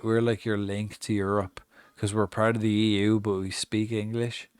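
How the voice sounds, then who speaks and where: Swearing Irish guy streaming a game. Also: lowish voice. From Ireland. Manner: swears a lot, tells stories with mock-acted reactions. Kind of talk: casual live-stream chat while gaming.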